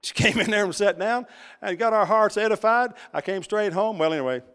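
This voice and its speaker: Male preacher, high voice, folksy storyteller working the congregation, long hall reverb. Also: fairly quick, a bit bright, smooth. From Texas. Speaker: pastor. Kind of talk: sermon.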